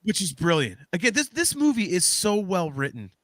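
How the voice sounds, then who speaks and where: A man talking over a video call in a casual watch-along chat. He gushes with excitement and keeps stumbling over his words. His voice is bright and edgy, and the sound is dry, with no room around it. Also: sits high, moderate pace, dry recording. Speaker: podcast guest.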